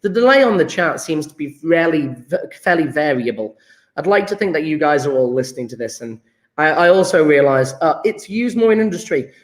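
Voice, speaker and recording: A male chemistry teacher, running a live online lesson, talking through ideas with restarts and drawn-out repeats. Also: a little high, expressive, reverberant. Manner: thinks aloud with restarts, drawn-out repetitions.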